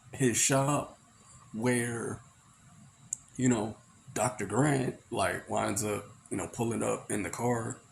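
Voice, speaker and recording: A man's voice: fairly low pitch, vocal fry, slight background noise. A man recapping a movie in a casual, rambling way, full of "you know" and "like". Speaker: movie reviewer.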